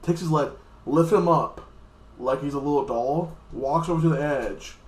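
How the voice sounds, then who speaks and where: A man reviewing anime gives a relaxed, meandering recap of an episode, regularly voicing characters' lines quickly. His voice is on the high side, heard in a roomy space.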